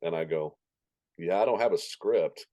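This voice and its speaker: A man with a low, mellow voice tells stories in a relaxed interview. He jumps into other people's voices as he acts out the exchanges. The sound is close and dry. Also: normal speed, no echo. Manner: animated anecdotes, acting out quoted voices. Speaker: stadium announcer, guest. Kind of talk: casual interview storytelling.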